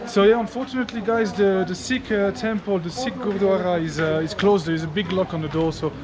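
A man's voice: high voice, a little fast, crowd noise, low-quality recording. A man from France with a French accent, chatting casually and joking at his own expense as a travel vlogger while walking around outdoors. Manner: chatty, upbeat, self-mocking. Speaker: motovlogger host. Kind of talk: casual vlog walk-and-talk. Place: outdoors at a museum and temple.

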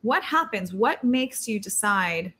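A woman's voice: mid-range voice, expressive, slow pace, bright, forceful tone, slight background noise. Earnest woman interview host. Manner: earnest, emphatic. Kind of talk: faith interview.

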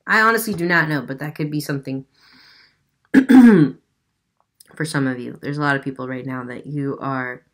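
Woman tarot reader, low voice, unusual accent, chatty and offhand. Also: moderate pace, long pauses. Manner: chatty, swears, laughs at herself. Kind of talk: casual tarot reading.

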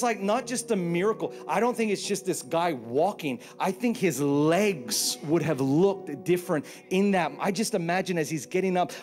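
A man preaching a sermon on a church stage, joking and acting out Bible scenes in put-on voices. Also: a little high. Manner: animated, joking, acts out quotes in put-on voices. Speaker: pastor.

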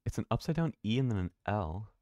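Male streamer, low voice, dry close mic, rambling commentary. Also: sing-song, fast, dark tone, no room sound. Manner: rambling, thinking aloud, swears casually. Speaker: game streamer. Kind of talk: casual live-stream commentary.

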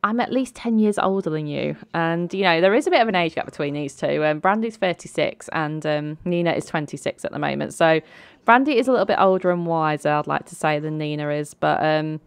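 A woman's voice: sits low, fairly quick, hardly any pauses, clean tone, no room sound. A woman narrating and commenting on a life-sim game in a chatty way, laughing and using lots of fillers. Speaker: let's play creator. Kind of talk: game commentary with voiced characters.

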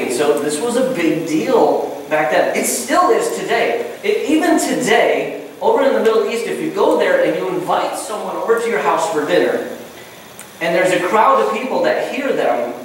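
Goofy pastor preaching from far back in an echoey hall. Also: male voice, sits high, a little hiss or hum. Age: middle-aged. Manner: goofy, conversational, acts out quoted voices. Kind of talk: sermon. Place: church hall.

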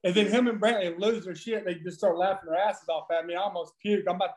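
A man in his thirties, a former pitcher guest on a podcast, telling profane, animated stories with frequent laughing. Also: quick pace, noisy background. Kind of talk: casual storytelling.

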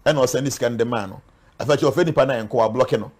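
A man with a Ghanaian accent, a spiritual guest in an interview, speaks earnestly in a mix of Twi and English, warning and preaching. His voice is medium-pitched with a darkish tone, and he races through his words.

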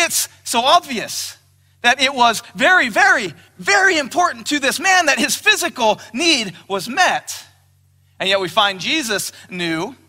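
Male pastor, sermon delivery, very bright, animated pitch, emphatic. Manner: emphatic preaching, quotes scripture in raised voice. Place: church hall. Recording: long hall reverb.

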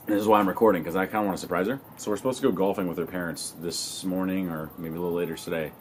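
A young man talking casually to his camera in a relaxed, slangy way, swearing now and then. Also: sits low, racing, slight background noise. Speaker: vlogger. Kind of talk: casual vlog talk to camera.

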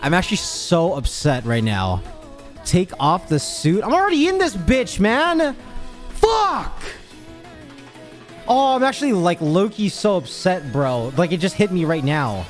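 A man's voice: high-pitched, normal speed, soft background music. A young man streaming, chatting casually with his viewers, swearing and ranting in exasperation. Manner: animated, swearing, exasperated rants. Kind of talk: casual livestream chat.

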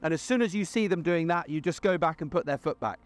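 A man's voice: on the high side, fast talker, soft background music. Man teaching dog training outdoors. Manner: upbeat, explains plainly with asides to the dogs. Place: outdoors on grass.

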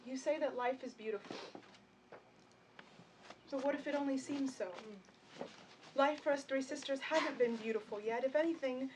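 A woman's voice: high-pitched, normal speed, pauses often, lightly acted. An actress playing an earnest, melancholy young woman of twenty, wistful but resolute. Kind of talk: stage drama acting. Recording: distant mic with noise.

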